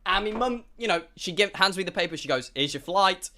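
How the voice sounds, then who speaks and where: A young man telling a rambling story to his stream as a streamer, excitable and full of stammered restarts. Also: high voice, fast.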